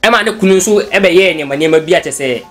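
A chatty Ghanaian man hosts a gossip news show in a slightly high voice, mixing English and Twi as he talks. He sounds casual and relaxed, with faint music playing under his voice. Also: quick pace. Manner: chatty, switches freely between languages. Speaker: news blog host.

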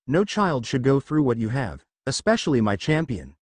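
A man voicing a gentle, motherly female magic spirit in an audio fanfiction reading, speaking mournfully and tenderly. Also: mid-range voice, sing-song, normal speed, no echo. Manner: gentle, mournful, calls her "my child".

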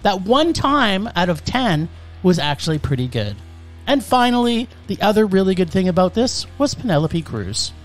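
A man's voice: high voice, sing-song, normal speed, faint music behind. A man reviewing a film on a podcast, sarcastic and scathing in a casual chat.

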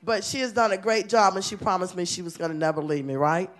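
An enthusiastic woman principal speaking at a council meeting. She talks in a chatty, warm-hearted rush and often breaks into laughter. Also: fairly low pitch, steady tone, fast. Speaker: elementary school principal. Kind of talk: award presentation speech. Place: city council chamber.

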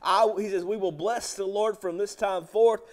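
A man preaches to his church in a high, lifted voice. He swings from loud, emphatic rises down to soft drops, and keeps asking the congregation direct questions. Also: fairly even intonation, normal speed. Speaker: pastor. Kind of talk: sermon.

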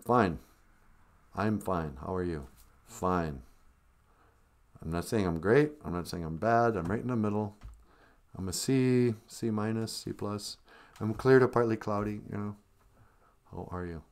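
A man's voice: fairly low pitch, normal speed, a little mellow. A middle-aged man hosting a live stream in casual chat, full of playful, joking asides.

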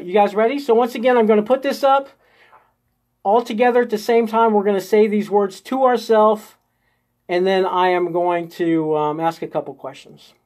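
A man with a high-sitting, somewhat dark voice hosts a live-streamed spiritual coaching session. He walks viewers step by step through an inner exercise, coaxingly asking "okay?" or "right?" every few sentences.

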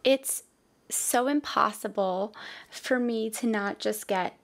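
Slow-talking gushing woman reacting to music. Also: fairly high pitch. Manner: gushing, emotional, heartfelt. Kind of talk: casual reaction commentary.

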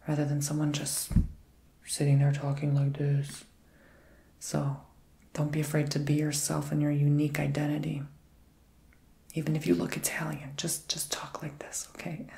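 Gravelly soft-whispering man, ASMR healer. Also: on the high side, reverberant. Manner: soft, mostly whispered, meandering and reassuring. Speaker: ASMR Reiki healer and tarot reader. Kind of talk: ASMR healing session.

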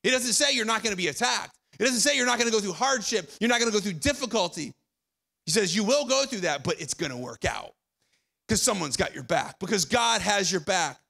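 A young man preaching a sermon as pastor, conversational, repeating phrases and dropping quiet for emphasis. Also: high-pitched, lively intonation, brisk, creaky. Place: church auditorium.

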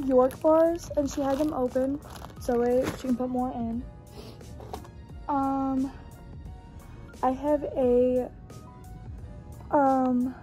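A young woman with a high voice talks to her camera at home in a loose, casual vlog. She gushes easily, fills her talk with "like" and swears offhandedly. Faint music plays softly behind her. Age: young adult. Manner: chatty and gushing, swears casually, many "like"s. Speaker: vlogger.

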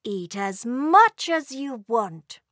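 A woman voicing a kind, protective mother dragon in a storybook reading, with slow, motherly coaxing. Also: fairly high pitch, sing-song, a bit bright, dry recording, clean studio sound, heavily acted.

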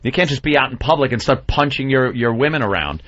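A man's voice: medium pitch, expressive, fast, fairly bright tone. A man hosting a radio show, teasing and joking with the cohosts. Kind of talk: casual radio banter. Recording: muffled radio broadcast audio.

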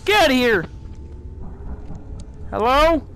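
A man voicing a nervous, goofy male frog puppet in a high, thin, nasal voice, commenting jokily and in a panic while he plays in character. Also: very animated, slow, a bit bright, slight background noise, exaggerated voice. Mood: scared. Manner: panicky, jokey, blurts out beep-boop noises. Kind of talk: in-character let's play commentary.

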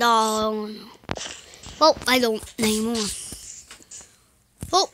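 A woman giving casual let's-play commentary while she plays, muttering to herself, slipping into whispers and breaking into sudden excited outbursts. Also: fairly high pitch, unhurried, pauses often, a little hiss or hum, low-quality recording.

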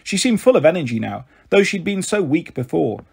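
Man narrator for a kids' book, husky, fairly high, steady and expressive. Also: brisk. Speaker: storyteller. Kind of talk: reading a children's book aloud.

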